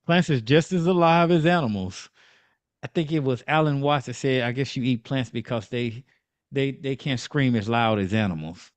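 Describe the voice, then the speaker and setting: A man's voice: medium pitch, normal speed, clear, resonant tone, dry recording. Guy hosting a podcast, jokey, reads the daily listings, dry close mic. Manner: joking, reads day listings aloud. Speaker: podcast host. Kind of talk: casual podcast chat.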